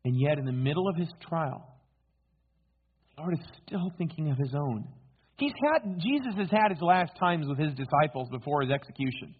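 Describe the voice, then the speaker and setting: A man's voice: a little high, expressive, normal speed, husky. A male preacher giving a sermon, telling the story dramatically and posing rhetorical questions to his listeners. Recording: tinny phone-like sound.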